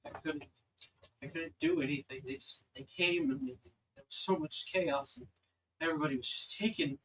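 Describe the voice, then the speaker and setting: A haunted young woman survivor, played by a man, screaming in terror or murmuring in a hollow, broken voice. Her voice comes from a distance and sits high and bright. It belongs to a tabletop game session. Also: steady tone, fast, slight background noise.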